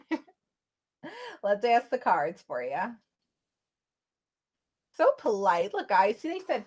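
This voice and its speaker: A woman's voice: medium pitch, big pitch swings, measured pace, pauses often, breathy edge. A woman vlogger giving tarot card readings in a chatty, casual way, talking straight to her viewers.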